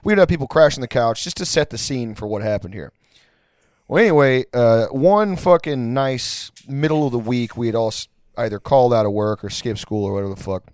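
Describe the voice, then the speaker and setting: A man's voice: mid-range voice, fairly quick, darkish tone, clear, resonant tone, dry recording, clean studio sound. A man from Houston, Texas telling a crude story in a casual, rambling way, full of filler words.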